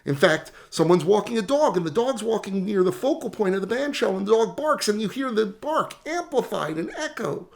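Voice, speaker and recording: Animated gravelly man explaining sound. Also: high-pitched, normal speed, hardly any pauses. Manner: animated, demonstrates with sound effects, self-mocking dad jokes. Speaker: tech educator. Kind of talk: explainer lesson.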